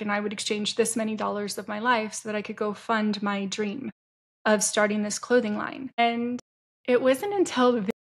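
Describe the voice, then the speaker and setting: A middle-aged woman telling a candid personal story to camera as an entrepreneur, frank and chatty. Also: a little high. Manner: frank, chatty, self-deprecating with bursts of laughter.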